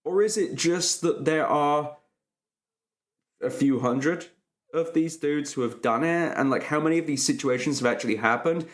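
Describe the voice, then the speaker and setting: A man hosting a podcast, riffing with sarcastic jokes and animated opinions in casual chat. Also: on the high side, moderate pace.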